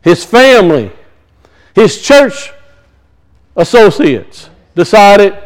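A man's voice: very high voice, expressive, moderate pace, low-quality recording. A man preaching a sermon, emphatic and repetitive, his voice rising and falling as he drives points home.

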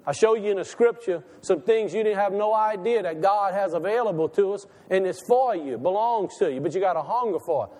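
A man's voice: high-pitched, fairly quick, hardly any pauses, mellow. A man a sermon in a sanctuary, folksy and conversational, rising into impassioned calls. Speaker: preacher. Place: church sanctuary. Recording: long reverb of a church hall.

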